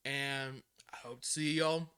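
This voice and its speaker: A young man co-hosting a casual esports podcast, excitable and quick to laugh, often repeating words. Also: medium pitch, clean tone. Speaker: podcast co-host. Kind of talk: casual chat.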